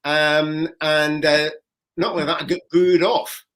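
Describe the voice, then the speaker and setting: A Scottish man from Edinburgh, a comedian host, telling a lively story in casual chat. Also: a little high, unhurried. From Edinburgh, Scotland. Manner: lively, laughing anecdote telling.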